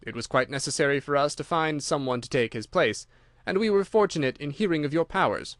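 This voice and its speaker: A man's voice: a little high, lively intonation, a little fast, a bit bright, no room sound, studio quality. A man voicing a sinister, twitchy older man with a nervous giggle in an audiobook reading. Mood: menacing.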